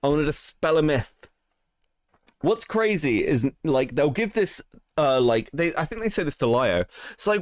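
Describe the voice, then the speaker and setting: A man's voice: a little high, big pitch swings, normal speed, no room sound. A man co-hosting a livestream, mocking and profane, laughing often as he reads out donations. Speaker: podcast co-host. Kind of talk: livestream commentary.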